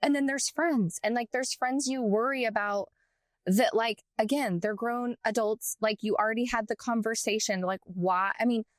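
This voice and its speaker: A woman co-hosting a podcast, chatting casually and telling a story in an animated way with lots of filler words. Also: a little high, normal speed, dry recording, clean studio sound. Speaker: podcast co-host. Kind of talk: casual chat.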